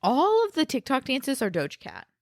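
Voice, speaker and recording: A woman co-hosting a casual podcast, telling stories in an animated, joking way from a living room. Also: sits high, normal speed, no echo, clean studio sound. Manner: animated, jokey storytelling. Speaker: podcast co-host. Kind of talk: casual chat.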